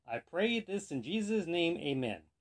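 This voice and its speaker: A man voicing a male mule rider who shouts frantically. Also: on the high side, big pitch swings, unhurried, voice pushed up. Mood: frantic.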